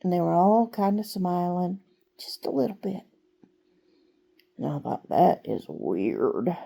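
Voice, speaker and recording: A woman telling a true story from her own life in an unhurried, conversational way, with fillers. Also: lowish voice, gravelly, warm tone. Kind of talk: personal storytelling.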